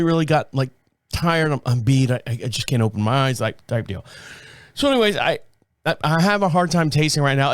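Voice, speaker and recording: A man's voice: a little high, no room sound. Rambling middle-aged man, dry close sound. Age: 50s. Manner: rambling, self-correcting storytelling. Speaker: podcast host. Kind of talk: casual solo talk.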